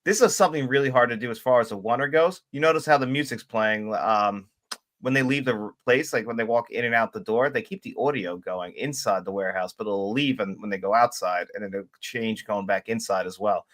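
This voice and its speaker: A man co-hosting a casual film podcast, easygoing and quick to laugh as he shares observations. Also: fairly low pitch, fairly bright tone. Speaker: podcast co-host.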